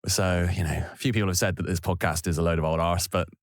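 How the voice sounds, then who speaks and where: A man's voice: low-pitched, steady tone, quick pace, no room sound, clean studio sound. A man co-hosting a podcast, chatting casually and laughing easily as he wraps up the episode. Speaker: podcast co-host. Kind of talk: casual podcast outro chat.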